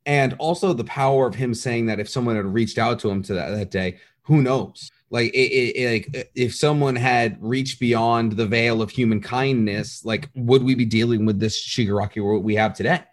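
A man co-hosting a casual podcast, talking in an animated, rambling way and acting out quotes. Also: mid-range voice, moderate pace, few pauses. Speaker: podcast co-host. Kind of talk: casual chat.

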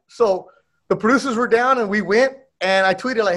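High-voiced animated Los man. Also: fast. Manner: animated storyteller, slangy. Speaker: podcast co-host. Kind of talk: casual chat.

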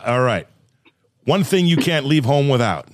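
A man hosting a podcast in a casual chat, firing off quick questions in an upbeat way. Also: mid-range voice, sing-song. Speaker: podcast host.

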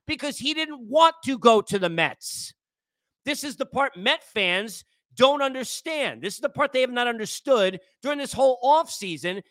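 A man's voice: high voice, pushed and bright, no echo. Fired-up man ranting about baseball. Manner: exasperated, lecturing, scolding listeners. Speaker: sports podcast host. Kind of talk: ranting sports commentary.

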